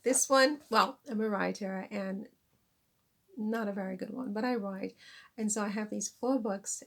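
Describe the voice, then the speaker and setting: Chatty self-mocking woman with gravelly voice. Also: medium pitch, measured pace. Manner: chatty, self-deprecating, laughs at herself. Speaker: vlogger and author. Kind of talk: casual chat to camera. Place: lives in France.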